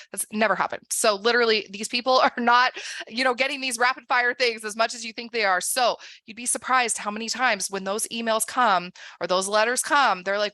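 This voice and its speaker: A woman career coach leading a guided visualization, upbeat, often acting out excited inner thoughts. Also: mid-range voice, fast talker, no room sound.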